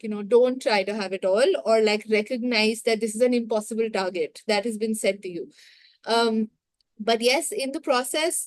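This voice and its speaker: Woman host, measured and thoughtful, somewhat high voice. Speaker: book club moderator. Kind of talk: moderating a discussion.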